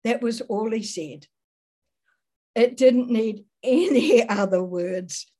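A woman giving a sermon-style Christian teaching in a measured, earnest way, building long lists of examples. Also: on the high side, mellow.

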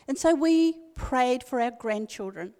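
A woman's voice: high voice, expressive, unhurried, dark tone. Earnest older New woman preaching. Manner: earnest, emphatic, repeats key phrases. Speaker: speaker at a women's church meeting. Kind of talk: devotional talk with personal story. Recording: long reverb of a hall.

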